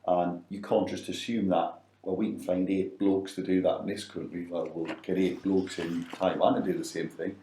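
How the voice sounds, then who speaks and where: A man's voice: low-pitched, little pitch movement, normal speed, few pauses, dark tone, roomy sound, slight background noise, low-quality recording. A middle-aged man, a business advisor co-hosting a podcast, talking casually and repeating words as he restarts his thoughts. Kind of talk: casual conversational podcast chat.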